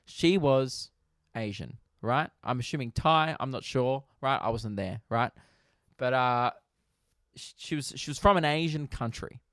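A man with an Australian accent, a comedian hosting his podcast, ranting casually with animated, profane energy. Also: mid-range voice, a little slow, no echo, studio quality.

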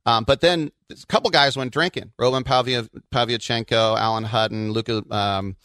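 A man from the Bay Area co-hosting a soccer podcast, chatting casually and telling animated stories with frequent laughs. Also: medium pitch, normal speed, clean tone, dry recording, clean studio sound. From Bay Area, California. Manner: animated storyteller, laughs often. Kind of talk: casual sports chat.

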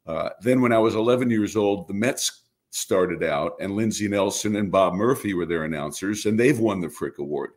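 An older man from Brooklyn, a baseball broadcaster speaking earnestly as an interview guest. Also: fairly low pitch. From Brooklyn, New York. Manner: reflective, earnest, many restarts. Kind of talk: conversational interview.

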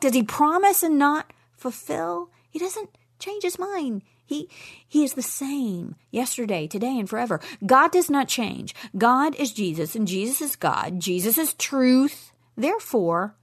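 A woman's voice: high-pitched, lively intonation, a little slow. A middle-aged woman teaching a Bible lesson in an emphatic way, with playful asides. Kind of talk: teaching talk on Scripture.

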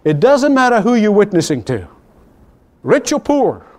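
A man preaching a sermon in an emphatic, repetitive cadence, swinging from high exclamations to low, slow, solemn lines. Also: big pitch swings, darkish tone.

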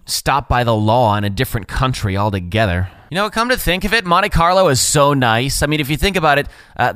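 A man's voice: medium pitch, fairly bright tone, clean tone, no room sound. A man in his thirties from Wisconsin, a chatty, jokey podcast host telling stories. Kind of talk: casual monologue.

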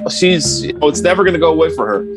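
A man's voice: on the high side, quick pace, over music. A middle-aged man co-hosting a podcast, telling stories in a casual chat and often stammering and repeating words. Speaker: podcast co-host.

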